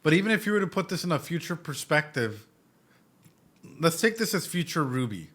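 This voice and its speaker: A man giving casual stream reaction commentary as a psychologist, excitable and emotional, swearing often and thinking aloud with restarts. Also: a little high, brisk.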